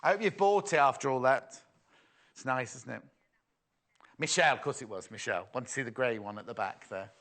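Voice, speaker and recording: A man presenting live TV sales banters in a chatty, self-deprecating style, frequently giggling at his own jokes. He speaks fairly quickly in a mid-range voice with a fairly bright tone.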